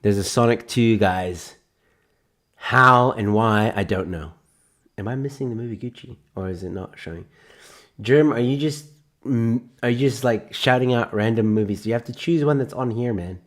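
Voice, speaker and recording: A man hosting a live stream reads film synopses aloud, chatting casually and rambling with sarcastic jokes along the way. He has a medium-pitched, fairly bright voice and speaks at a moderate pace.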